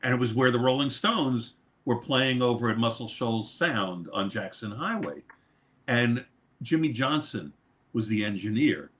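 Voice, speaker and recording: A man from New York, a record producer and mixer, telling a long story as an interview guest, swearing freely. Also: medium pitch. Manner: animated, swears freely, laughs mid-story.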